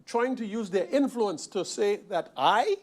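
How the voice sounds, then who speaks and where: Emphatic high-voiced man speaking in parliament. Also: lively intonation, measured pace. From Sint Maarten. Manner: emphatic, repetitive, forceful rhetorical questions. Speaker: member of parliament. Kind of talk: parliamentary speech. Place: parliament chamber.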